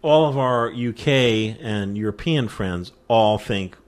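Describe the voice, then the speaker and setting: A man's voice: fairly low pitch, takes it slowly. A man hosting a podcast in casual chat, playful and slangy, who leads into the next segment. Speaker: podcast host.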